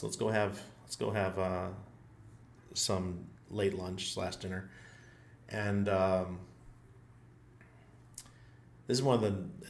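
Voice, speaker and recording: A man hosting his own channel, rambling through a funny story in a casual, self-mocking way with frequent laughs. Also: fairly low pitch. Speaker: channel host. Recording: roomy echo.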